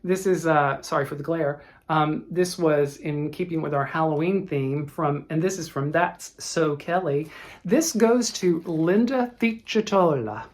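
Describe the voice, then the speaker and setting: A woman's voice: deep voice, a little mellow. A middle-aged woman hosting a cross-stitch vlog, chatty and heartfelt, often restarting her sentences. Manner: chatty, emotional, halting with restarts. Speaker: flosstube host.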